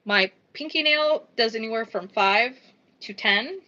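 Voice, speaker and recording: A slightly high-voiced woman rambles through a casual live-stream chat as she crafts, dropping swear words and quietly muttering numbers as she counts. The audio comes through dull and lo-fi. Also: animated, measured pace. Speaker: livestreaming crafter.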